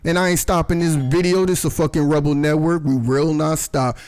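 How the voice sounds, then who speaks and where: A man reviewing a show in casual, animated commentary, swearing constantly. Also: a little high, brisk.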